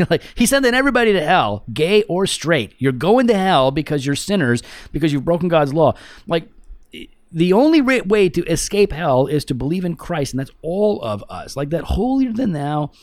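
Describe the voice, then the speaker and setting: A man's voice: on the high side, big pitch swings, normal speed, no room sound, clean studio sound. A man co-hosting a podcast in casual chat, joking and sarcastic, sometimes preachy. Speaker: podcast co-host.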